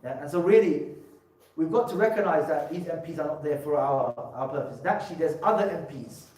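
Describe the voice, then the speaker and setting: A man's voice: a little high, brisk, a little mellow. A man giving a public talk to parents as a religious scholar, speaking emphatically and often repeating words as he restarts. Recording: echoey hall, mic from far off.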